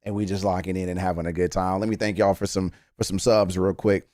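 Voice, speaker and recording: A man's voice: low-pitched, little pitch movement, quick pace, warm tone, dry recording, studio quality. A man chatting casually and playfully on a live stream while reacting to a video, often laughing.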